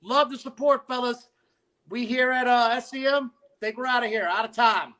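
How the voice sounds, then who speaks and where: Relaxed high-voiced male co-host. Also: normal speed. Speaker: podcast co-host. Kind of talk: casual chat.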